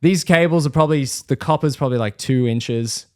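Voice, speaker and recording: A young man on a podcast, talking at an ordinary middle pitch in a loose, chatty way. He swears a lot and tells his story with energy. He often slips into the voices of the people he is telling about. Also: brisk, clear, resonant tone, no room sound, clean studio sound. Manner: swears freely, animated storyteller who mimics others. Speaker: podcast host. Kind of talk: casual storytelling chat.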